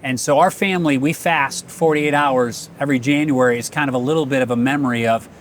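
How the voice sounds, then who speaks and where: A man's voice: mid-range voice, fairly even intonation, a little fast, a little hiss or hum. A man hosting an interview, speaking in an earnest, reflective way as he shares his own story. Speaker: host. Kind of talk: conversational interview.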